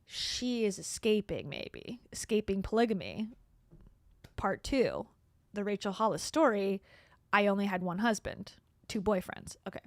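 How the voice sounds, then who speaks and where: A woman's voice: medium pitch, expressive, unhurried, no room sound, studio quality. A woman hosting a reaction video, making blunt, sarcastic casual commentary.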